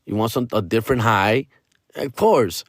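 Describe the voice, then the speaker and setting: A man's voice: lowish voice, normal speed, no echo, clean studio sound. Rambling, slangy man. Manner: rambling, profane, slangy storytelling. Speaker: comedian podcast host. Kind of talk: casual chat.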